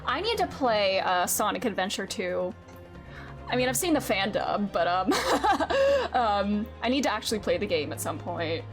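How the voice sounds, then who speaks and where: A young woman streaming a game, chatting casually in an excitable way, with swearing and frequent laughter. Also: mid-range voice, normal speed, soft background music.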